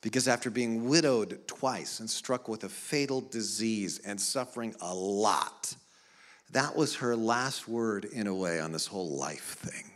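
A middle-aged man preaching a sermon, moving between soft, low storytelling and loud, emphatic appeals. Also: unhurried. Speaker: pastor.

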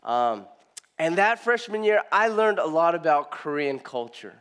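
High-voiced preacher telling a lively story. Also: male voice, measured pace, clear, resonant tone. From Southern California, US. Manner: animated, acts out quoted speech, frequent restarts. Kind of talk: storytelling sermon. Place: in front of a live congregation.

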